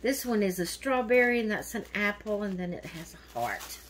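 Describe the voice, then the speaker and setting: A woman's voice: mid-range voice, very animated, moderate pace, fairly bright tone, a little hiss or hum, poor audio. A middle-aged woman chatting casually as she unboxes mail, gushing and gasping, close to tears with gratitude.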